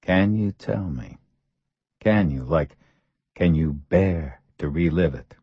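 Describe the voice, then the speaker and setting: A man doing a soft breathy lady detective. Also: on the low side, animated, moderate pace, dry recording, muffled recording, voice pushed up. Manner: soft, breathy, caring questions. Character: soft-spoken woman police detective, late thirties.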